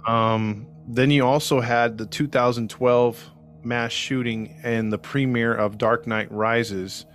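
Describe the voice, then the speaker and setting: A man narrating a story on a podcast in a loose, joking, conversational way, pausing on ums and restarting his sentences. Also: mid-range voice, steady tone, fairly bright tone, soft background music.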